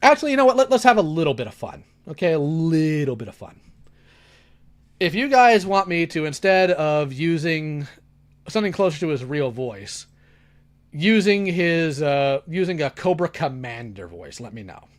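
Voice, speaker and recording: Clicking through files as he talks, a man making YouTube videos offers a running stream of casual sarcasm. His voice is on the high side, his energy is lively, and he moves at a moderate pace.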